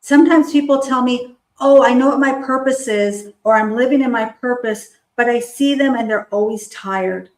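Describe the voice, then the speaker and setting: A woman's voice: fairly high pitch, moderate pace, few pauses, darkish tone. Enthusiastic woman host, roomy sound. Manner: enthusiastic, cheering. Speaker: host of a live show. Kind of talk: upbeat live-stream talk. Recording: roomy echo.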